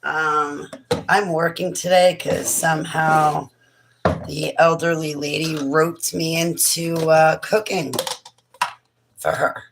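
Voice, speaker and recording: A woman voicing a grumpy female Grinch-like creature in a comedy vlog, grumbling in a sour, deadpan way. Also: deep voice, slow, creaky, reverberant, noisy background, full character voice. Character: grumpy green female Grinch-like creature who hates cooking.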